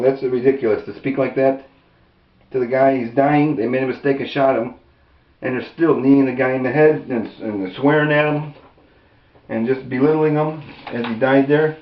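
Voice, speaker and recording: Indignant man ranting in a roomy room. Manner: indignant, rambling, with restarts and raised pitch when quoting. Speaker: video commentator. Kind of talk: angry unscripted commentary. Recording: roomy, distant, dull lo-fi sound.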